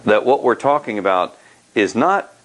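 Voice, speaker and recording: A man's voice: on the low side, lively intonation, moderate pace, rough recording. A man interviewing an author, prompting him and rephrasing his points back as questions.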